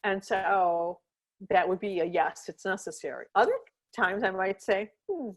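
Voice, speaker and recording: A woman's voice: mid-range voice, a little slow. A woman hosting a podcast as a dog trainer, talking in a casual, chatty way and often checking in with "right?" while she patiently walks through examples. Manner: chatty, checks in often with "right?" and "you know what I mean?"; earnest, explains patiently with step-by-step examples.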